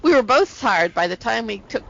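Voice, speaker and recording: A woman with a gravelly voice chatting casually and talkatively as co-host of a game stream. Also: on the high side, animated, brisk, a bit bright. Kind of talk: casual chat. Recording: dull lo-fi sound with faint hiss.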